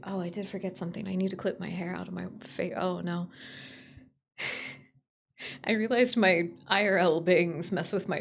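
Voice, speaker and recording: Giggly young woman streamer chatting. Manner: giggly, rambling, with sudden jumps in pitch. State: strained voice from overuse. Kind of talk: casual live-stream chat.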